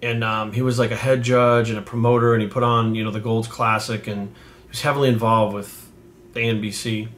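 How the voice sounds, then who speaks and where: A man's voice: lowish voice, flat delivery, a little fast, fairly bright tone, slight background noise. A man in his forties from New England, telling a casual story to camera in a rambling, profane way with many fillers. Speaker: fitness coach.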